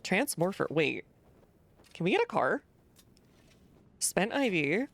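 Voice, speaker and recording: Wry woman gamer, low and gravelly, lively intonation, casual commentary. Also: slow pace. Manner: wry, thinking aloud, reads in-game text. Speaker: streamer. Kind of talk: let's play commentary.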